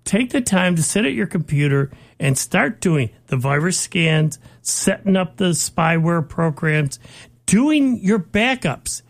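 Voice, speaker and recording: A man's voice: high-pitched, lively intonation, slow, gravelly. A man co-hosting a tech talk show, giving folksy advice to listeners in a casual chat.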